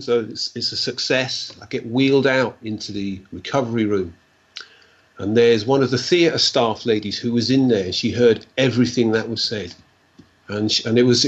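Husky-voiced man telling stories. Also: medium pitch, normal speed. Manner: rambling, animated storyteller who acts out dialogue. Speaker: guest. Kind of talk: casual storytelling. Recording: dull lo-fi recording.

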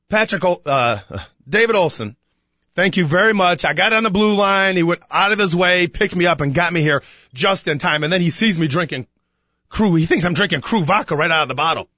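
A man hosting a sports talk radio show, telling a rambling story in a casual way and getting animated when he retells it. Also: high-pitched, no echo, highs cut off. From Chicago. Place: radio studio.

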